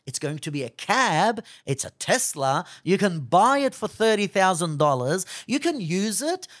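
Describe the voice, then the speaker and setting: A preacher delivers a fervent sermon in a medium-pitched voice, recorded with studio quality and no echo. He speaks at length in God's voice, often in the first person as God, pressing pointed questions.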